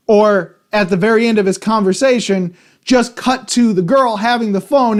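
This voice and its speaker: A man giving a casual, rambling film review, exasperated and full of restarts. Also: high voice. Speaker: movie reviewer.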